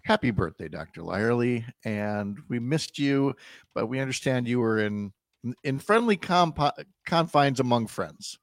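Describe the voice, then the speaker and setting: A man's voice: mid-range voice, lively intonation, a little slow, no room sound, clean studio sound. A man hosting a radio talk show, chatting casually with many fillers and restarts. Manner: rambling, lots of fillers and restarts.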